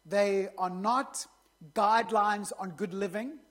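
A woman's voice: medium pitch, takes it slowly. A woman pastor preaching a sermon in a conversational way, with joking asides to the congregation.

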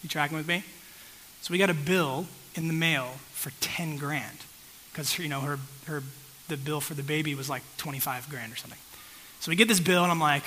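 Bright-voiced man preaching a story. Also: fairly high pitch, fairly even intonation, brisk, low-quality recording. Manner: conversational storytelling, checks in with the audience. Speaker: pastor. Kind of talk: sermon.

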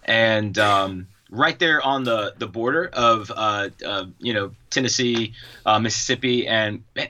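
Man, pastor, interview guest, low voice, muffled lo-fi call audio. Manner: earnest, relaxed, many fillers. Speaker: pastor and church planter. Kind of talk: interview guest telling his story. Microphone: video call over Skype. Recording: dull lo-fi Skype audio.

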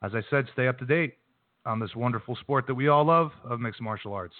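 Over a dry, phone-quality line with no echo, a man hosting a combat sports radio show recaps the week's news in a casual, brash way before interviewing a fighter. He speaks a little fast at medium pitch.

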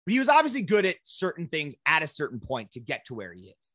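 A man talking in loose podcast chat with a lively, swooping voice pitched a bit high. He rambles through quick asides and swears casually, recorded close and dry with no room sound. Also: no room sound. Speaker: podcast co-host.

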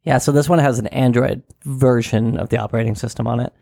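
Male co-host, gravelly fry in the voice, blunt teasing banter, dry mic. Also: mid-range voice, fairly even intonation, quick pace, warm tone, dry recording. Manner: blunt, swears casually, teasing. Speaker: podcast co-host. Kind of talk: casual chat.

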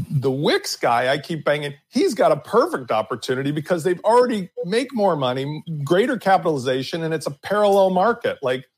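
Panel co-host, male, slightly high husky voice, forceful and opinionated. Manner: opinionated, emphatic, drags out key words. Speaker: podcast co-host. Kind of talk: casual panel discussion.

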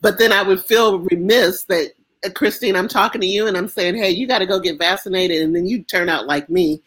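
An American woman speaking as an interview guest, impassioned and emphatic, with halting restarts. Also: mid-range voice, slightly rough. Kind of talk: emotional interview conversation.

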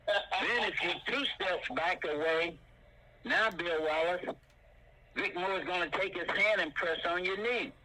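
Bright, punchy older man instructor. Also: unhurried, poor audio. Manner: punchy, with sound effects like boom and bam. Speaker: martial arts instructor. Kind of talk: animated teaching talk.

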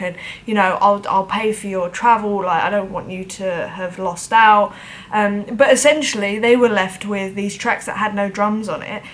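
A woman's voice: medium pitch, fairly bright tone, a little hiss or hum. A woman drummer telling a personal story to camera in a chatty, self-deprecating way, acting out the voices of other people.

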